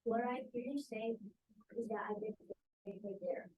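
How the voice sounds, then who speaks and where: Woman trainee, quiet short answers, roomy echo. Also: a little high, a little fast, phone-quality sound. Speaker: class participant. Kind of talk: answering questions in class. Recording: roomy, picked up from afar.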